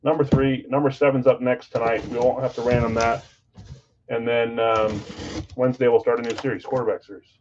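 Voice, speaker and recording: A man's voice: mid-range voice, a little fast, background noise. A man hosting a live sports card break stream, chatting casually with viewers and reading their comments aloud. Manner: chatty, counts down excitedly, reads viewer chat. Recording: slightly dull lo-fi stream audio.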